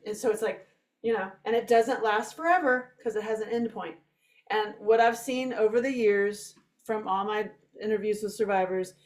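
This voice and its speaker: A woman giving live commentary on her own documentary, chatty and animated, rushing from one thought to the next. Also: fairly high pitch. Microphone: home video stream microphone.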